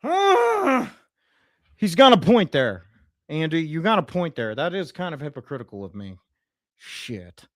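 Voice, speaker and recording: A man livestreaming a satirical comedy rant in a mock-pundit persona, rambling with sarcasm and swinging between loud outbursts and muttered asides. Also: a little high, no room sound, studio quality. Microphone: streaming mic.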